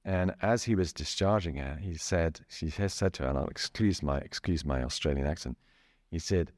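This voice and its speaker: Deep-voiced chatty man with dry sound. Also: moderate pace, darkish tone, dry recording. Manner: chatty, laughs often, many restarts. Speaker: guest, Bowen therapist. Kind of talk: casual interview talk.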